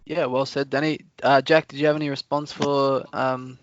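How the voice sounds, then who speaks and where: A man's voice: mid-range voice, little pitch movement, moderate pace, slight background noise. Wry New Zealand man hosting. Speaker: podcast host. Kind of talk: casual podcast chat. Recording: dull lo-fi dry podcast audio.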